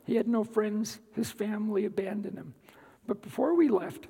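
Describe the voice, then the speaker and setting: A man giving a guest talk at church, telling a personal story in an unhurried way with dry asides. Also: sits high, creaky, warm tone, slightly rough, long reverb tail, rough recording. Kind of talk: sermon-style personal testimony. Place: church sanctuary.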